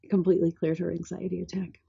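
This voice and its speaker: A woman's voice: on the low side, fast talker, creaky, breathy edge, lo-fi sound. Middle-aged woman telling chatty anecdotes. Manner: chatty anecdotes with many fillers, calm guiding tone in exercise. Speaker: guest expert. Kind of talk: conversational storytelling, then guided breathing.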